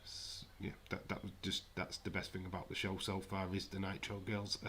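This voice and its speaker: A man's voice: deep voice, monotone, normal speed, few pauses, background noise. A man hosting a live wrestling watch-along, chatting casually with sarcastic, rambling asides.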